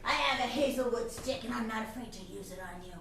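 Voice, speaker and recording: A woman doing a gruff gnome gang boss, heard from afar. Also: fairly high pitch, quick pace, a bit bright. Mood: threatening. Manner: gruff, boastful threats. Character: tough scheming male gnome gang boss. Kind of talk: live improv comedy. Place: theatre stage. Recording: echoey stage, distant mic, faint noise.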